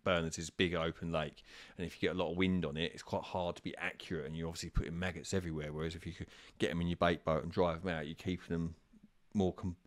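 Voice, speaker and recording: A man's voice: deep voice, little pitch movement, fast talker, few pauses, dry recording. A man on a live stream, answering viewers' carp fishing questions in a casual, rambling way with lots of ums and restarts.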